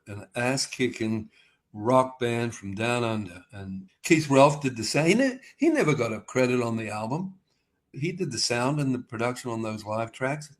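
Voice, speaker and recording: An older man, a musician guest telling rambling anecdotes in a casual video-call interview and acting out the dialogue. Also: mid-range voice. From Australia. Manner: rambling anecdotal, acts out dialogue with shifting voices.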